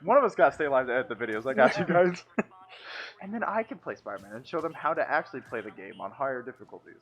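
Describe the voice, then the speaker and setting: Teasing young man, lively pitch. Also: quick pace, highs cut off. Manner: teasing, laughs often, animated. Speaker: let's play commentator. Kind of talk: casual gaming banter.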